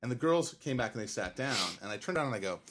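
A man in a loose podcast chat with friends. His voice is mid-pitched, and he rambles through a story with a lot of swearing, acting out what everyone said. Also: animated, very fast, a bit bright. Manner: rambling storyteller, swears freely, acts out quotes. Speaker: podcast co-host. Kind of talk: casual chat.

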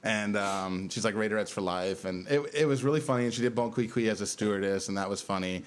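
A man hosting a casual podcast, telling weekend stories with an animated delivery and frequent laughter. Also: lowish voice, fast talker, slight background noise. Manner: animated storyteller, laughs through his punchlines. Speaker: podcast host. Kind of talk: casual chat.

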